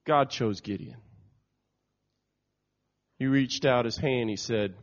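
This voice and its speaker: A man preaching a sermon, telling stories in a lively way and acting out the quotes. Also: medium pitch, slow pace, pauses often. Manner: storytelling, animated, acts out quotes. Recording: dull lo-fi recording.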